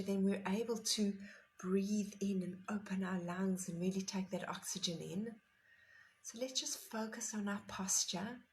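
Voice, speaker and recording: A woman leads a morning meditation at an easy, gentle pace, her voice in a middle register. She sometimes sinks into a soft whisper. A faint hiss sits under her words. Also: medium pitch, rough recording. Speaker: meditation teacher. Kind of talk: guided meditation talk.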